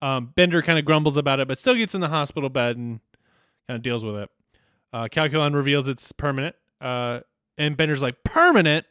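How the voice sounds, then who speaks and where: A man's voice: medium pitch, fairly quick, a bit bright, clean tone, no echo, studio quality. A man co-hosting a podcast, telling the plot of a cartoon in an agreeable, chuckling way with loose fillers. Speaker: podcast co-host. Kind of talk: casual chat recapping a cartoon episode.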